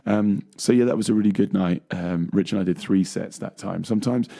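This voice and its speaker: A man's voice: low-pitched, brisk, creaky, mellow. A young man, co-hosting a casual chat show, rambling along with many fillers and laughs. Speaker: co-host.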